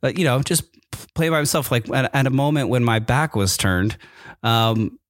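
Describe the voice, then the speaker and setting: Clean studio audio with no echo carries a man's mid-range voice at a normal speed. He's a podcast host recounting a personal story loosely and casually, with plenty of fillers and false starts, using a microphone with camera.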